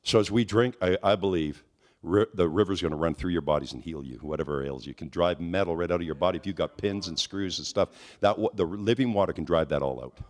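Delivering a fast charismatic sermon, a man tells stories in a fairly low voice that surges into high, excited near-shouts at its peaks. He alternates between hushed asides and loud emphasis.

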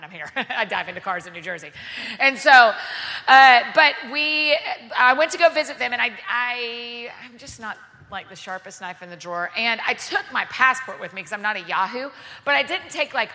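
A woman with an American Southern accent tells a story from the stage, her voice high and very bright. She is animated and self-deprecating, breaking into laughter as she goes. Her words ring out with the long reverb of a large hall. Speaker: guest speaker. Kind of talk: storytelling sermon to a live audience.

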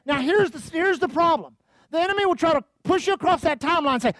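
A man's voice: very high-pitched, animated, quick pace, fairly bright tone, dry recording. A man preaching a fervent sermon, calling out to the congregation and reading scripture aloud. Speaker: pastor.

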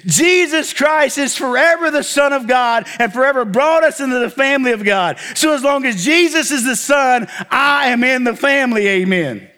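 A male pastor with a strikingly high voice delivers a sermon. His tone is bright and forceful, and he drives his points home with emphatic calls to the congregation, waiting for them to answer back. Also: normal speed, few pauses, smooth. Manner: preaching with call-and-response to the congregation; animated, emphatic exclamations.

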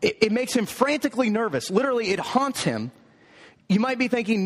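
A man's voice: sits high, big pitch swings, normal speed. A man preaching a sermon as pastor, building emphatic, repeated lines in a rhythmic cadence. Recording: echoey hall.

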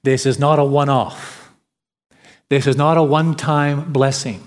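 A man's voice: mid-range voice, fairly even intonation, a little slow. A man preaching a sermon with emphatic, declaiming delivery, now and then mimicking whiny complainers. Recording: long hall reverb.

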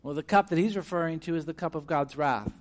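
A man preaching a sermon as pastor. He swings between hushed and emphatic phrases, asks his listeners questions and acts out quoted voices. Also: a little high, fast.

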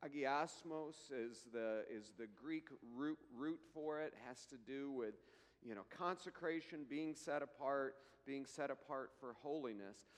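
Slow, earnest preaching man. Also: mid-range voice, big-room sound. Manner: slow, earnest preaching, rising to emphatic scripture readings. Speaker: pastor. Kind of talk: sermon.

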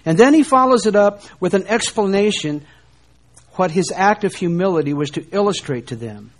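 A man preaching a sermon, animated and emphatic, often posing rhetorical questions. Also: sits high, moderate pace.

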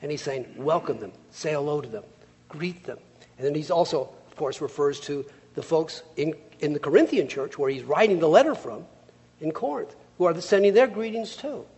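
Male preacher, husky and animated, slightly high voice, long hall reverb. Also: fairly quick. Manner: lively, conversational storytelling. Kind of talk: sermon with scripture reading.

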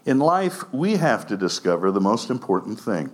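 A man preaching a sermon as pastor, animated, laughing often and acting out quoted lines. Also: fairly low pitch, moderate pace.

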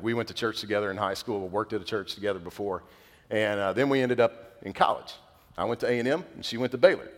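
A middle-aged man preaching a sermon in a relaxed, conversational way and telling stories. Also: lowish voice. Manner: conversational, animated storytelling with laughs. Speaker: pastor. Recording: long reverb in a large hall.

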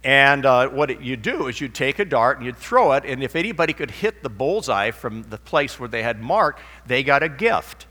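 A man's voice: medium pitch, animated, normal speed, hardly any pauses, sharp tone. A man preaching a sermon in a rambling, anecdotal way with many restarts. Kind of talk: sermon with a told joke. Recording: long hall reverb.

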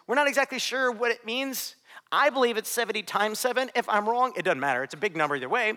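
A man with a notably high, bright voice preaches a sermon, telling a story and acting out the voices of its characters. His words carry a long reverb, as from a large hall. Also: animated, fast talker. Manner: storytelling, acting out quoted voices, drops to a hushed low voice for emphasis. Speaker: pastor.

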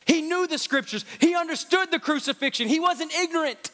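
Male pastor, high bright voice, fervent sung preaching, long hall reverb. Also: brisk. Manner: preaching with rising fervor and sung cadences. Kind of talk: sermon.

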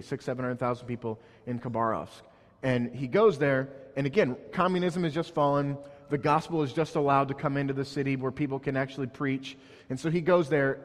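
A man's voice: medium pitch, in a large hall. A man preaching a sermon, telling a story and building up to emphatic points. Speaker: pastor.

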